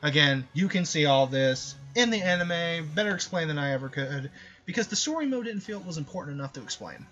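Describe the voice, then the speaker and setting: A man's voice: a little high, expressive, fairly quick, a bit bright, lo-fi sound. Sarcastic male game commentator. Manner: sarcastic, rambling asides. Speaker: gameplay commentator.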